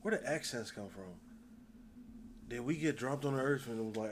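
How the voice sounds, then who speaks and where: A man's voice: medium pitch, normal speed, pauses often, slight background noise. A man from the United States in casual, profane chat, firing off rhetorical questions.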